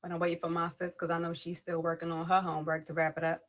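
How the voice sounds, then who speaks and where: A woman's voice: on the low side, completely flat delivery, fast talker, low-quality recording. A woman hosting a poetry livestream who reads a spoken word piece and then chats casually, greeting viewers and people passing by name. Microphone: tablet device.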